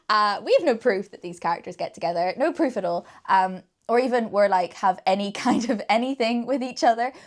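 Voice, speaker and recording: A young woman chatting casually about books she loved, enthusiastic and giggling often between sentences. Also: medium pitch. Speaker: book reviewer. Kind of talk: casual chat.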